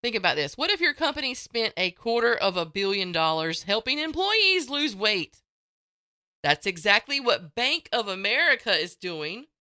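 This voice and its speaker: A woman hosts a morning radio show in a chatty, folksy, playful way. Her voice swings widely in pitch and sounds bright and crisp, recorded dry and close on a studio mic. She takes her time, talking at an unhurried pace. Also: sing-song, dry recording. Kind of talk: casual morning radio chat. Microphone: studio microphone.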